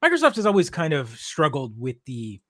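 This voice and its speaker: A man's voice: a little high, wildly swooping pitch, a little fast. Rambling middle-aged podcast host, man. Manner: rambling, many restarts, laughs easily. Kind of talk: casual chat.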